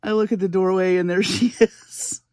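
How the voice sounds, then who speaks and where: A woman's voice: medium pitch, fairly even intonation, normal speed, a little mellow, clean tone, no room sound, studio quality. A woman hosting a jewelry-making vlog from her home bead room at three in the morning. She tells a chatty, self-deprecating story and often breaks into laughter. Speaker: jewelry-making channel host.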